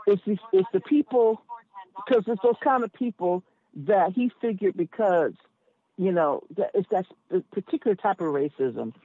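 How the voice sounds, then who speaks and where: A woman's voice: mid-range voice, expressive, normal speed. A woman who drives a cab, talking frankly and emphatically as a podcast guest, thinking aloud with plenty of asides. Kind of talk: candid conversation as a podcast guest. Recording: tinny phone line, dry.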